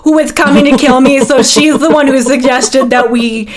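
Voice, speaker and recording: A woman voicing an eager, awkward young man with a tail who rambles excitedly. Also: sits high, normal speed, lightly acted.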